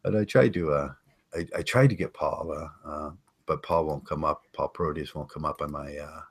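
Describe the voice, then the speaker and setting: An older man hosting a casual podcast, rambling and chatting with listeners, halting with many fillers and restarts. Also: very deep voice, breathy edge. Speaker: podcast host. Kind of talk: casual live-stream chat.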